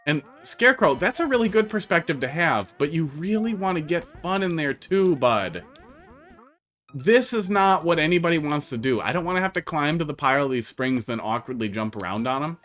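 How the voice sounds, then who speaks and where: Wisconsin guy streaming, talks to chat a lot, bouncy voice, music kinda low in the back. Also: expressive, fairly quick, a bit bright. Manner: chatty, answers chat between plays. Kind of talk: casual live-stream commentary.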